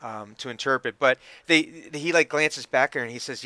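A man running a tabletop game as game master, talking in a relaxed, rambling way. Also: medium pitch, brisk, few pauses, dry recording. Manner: relaxed, rambling, laughs easily.

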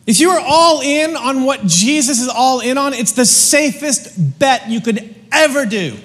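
Pastor, male, high-pitched, chatty and jokey, preaching in a reverberant hall. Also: expressive, a little slow, a bit bright. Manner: casual, joking, slangy preaching with lots of restarts. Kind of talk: sermon.

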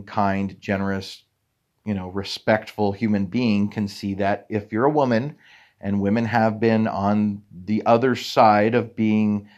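Rambling male podcast host, low voice. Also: a little mellow, lo-fi sound. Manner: rambling, self-deprecating storytelling. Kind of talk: casual monologue.

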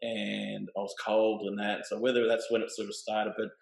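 A middle-aged man, telling a personal story in a relaxed, plain-spoken way. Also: lowish voice, moderate pace, creaky. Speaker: guest. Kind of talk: casual storytelling. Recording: roomy echo.

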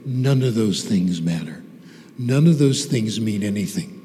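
A man's voice: lowish voice, expressive, measured pace, mellow. A man giving a humorous, interactive talk to a live audience about language teaching, teasing the listeners playfully. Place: large hall with a live audience. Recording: long hall reverb.

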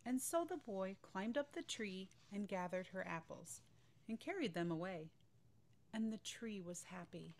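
Slow, gentle woman reading a bedtime story. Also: mid-range voice, expressive, gravelly.

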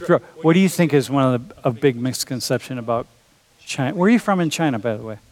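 A man's voice: medium pitch, expressive, fast talker. A man teaching a college class, talking in a joking, casual way and calling students dude and bro. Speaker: college instructor. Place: lecture classroom.

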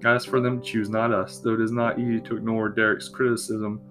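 A man voicing a steady, dutiful young male prince who speaks in a measured, formal way. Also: lowish voice, over music, lightly acted.

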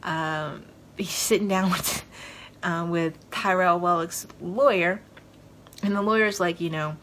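Woman podcast host, lowish voice, rambling casual episode recap, filler-heavy, faint background hiss. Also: steady tone, unhurried, a bit bright. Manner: rambling, retells scenes with lots of fillers.

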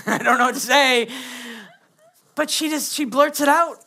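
A man's voice: very high-pitched, unhurried, bright, forceful tone. A man, preaching a sermon as pastor and acting out quoted kids and prayers.

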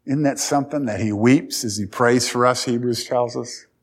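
A middle-aged man preaching a sermon, folksy and storytelling, swinging between loud and quiet. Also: medium pitch, moderate pace, husky. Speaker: pastor.

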